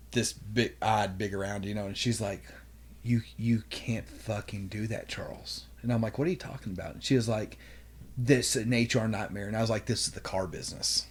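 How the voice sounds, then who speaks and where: A man in his forties with a drawl tells animated, salty stories on a podcast. His voice sits on the low side, and he jumps into the voices of the people he quotes. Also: a little hiss or hum. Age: 40s. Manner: animated, profane storytelling, acts out quotes. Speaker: podcast guest. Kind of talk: casual storytelling chat.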